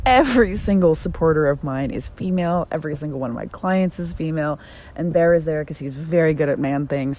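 A woman hosting her own podcast, talking candidly and bluntly, swearing freely and swinging between soft, tender phrasing and emphatic outbursts. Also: sits low. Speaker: podcast host. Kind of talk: candid solo podcast monologue.

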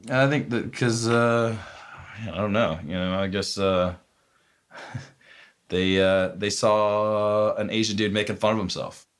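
A man's voice: lowish voice, fairly even intonation, slow, smooth. A man from South Carolina, a former hibachi chef telling candid stories in an interview, casual and self-deprecating with lots of fillers.

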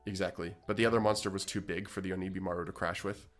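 Deep low voice guy on a card game podcast, rambly, laughs a lot, faint music. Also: steady tone, rapid-fire. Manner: rambling, laughs often, restarts. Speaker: podcast co-host. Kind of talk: casual chat.

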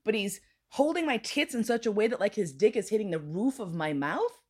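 A woman's voice: mid-range voice, fairly quick, husky. A woman telling a bawdy story in casual chat, acting out the other people's lines and swearing freely. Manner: animated, acts out voices in quotes, swears freely. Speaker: podcast guest.

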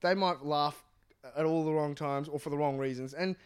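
A young adult man, a stand-up comedian, chatting casually as a guest in an interview, talking quickly with lots of restarts. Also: on the high side, clean tone. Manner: fast, animated, many restarts and "like"s.

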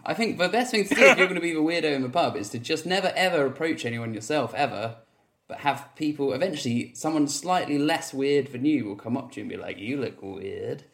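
A man's voice: on the high side, lively intonation, quick pace, a bit bright. Pub-podcast guest, man, laughing storyteller, loose and rambling. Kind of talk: casual chat, storytelling.

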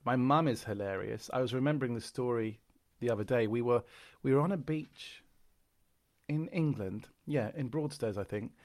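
A middle-aged man with an Irish accent spins stories with lots of energy. He drops into little character voices as he goes, and his pitch sits in an ordinary middle range. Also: normal speed. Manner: animated raconteur, slips into character voices. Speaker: guest comedian. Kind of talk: conversational storytelling.

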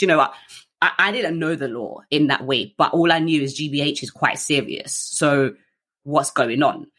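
A woman's voice: deep voice, normal speed. Chatty woman telling her story. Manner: chatty, frequent fillers, animated quoting, laughs at herself. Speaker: guest. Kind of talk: candid personal storytelling.

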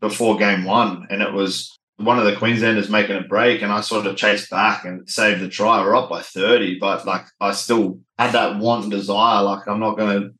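Aussie bloke in his 30s, easygoing chat as a guest, lowish voice, roomy echo. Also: steady tone, normal speed, few pauses, sharp tone. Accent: Australian. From Australia. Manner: laid-back, knockabout, lots of "like" and "you know". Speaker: guest, former rugby league player. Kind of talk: casual interview chat.

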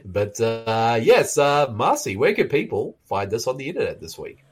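Excitable podcast host with a lively voice. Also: normal speed, breathy edge. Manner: excitable, breaks into high shrieking laughter. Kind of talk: casual movie-riffing podcast chat.

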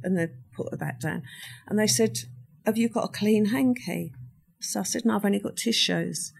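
A woman's voice: medium pitch, moderate pace, creaky, breathy edge. Older woman retelling a crime. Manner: vivid storytelling, acts out quoted voices. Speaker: interview guest. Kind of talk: recounting a true crime story.

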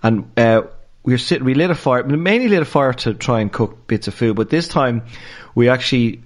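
A man with a Dublin Irish accent, a stand-up comedian and podcast guest, telling stories in an animated way and laughing as he goes. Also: medium pitch, fairly quick. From Dublin, Ireland. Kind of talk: casual storytelling in a podcast interview.

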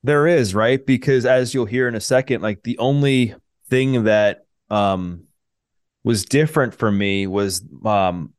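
Low-voiced guy telling his story on a podcast, earnest, um-ing a lot, dry sound. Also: no echo. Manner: earnest, many fillers and restarts. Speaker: podcast guest, personal trainer. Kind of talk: personal storytelling.

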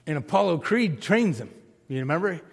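A man's voice: fairly high pitch, very animated, moderate pace, creaky, husky. A man, a pastor, preaching a conversational sermon and asking his congregation questions. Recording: long reverb of a large hall.

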